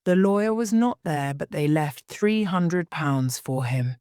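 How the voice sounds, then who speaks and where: Woman narrator, low voice, slow careful delivery, dry close sound. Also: expressive, darkish tone, clean tone, no echo. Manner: slow, plain, careful reading. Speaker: story reader. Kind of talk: scripted narration for English learners.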